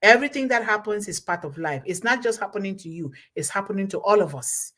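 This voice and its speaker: A woman's voice: mid-range voice, lively intonation, quick pace, fairly bright tone. A woman hosting a live show, giving an emphatic, repetitive motivational talk in a preacher-like way. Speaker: host.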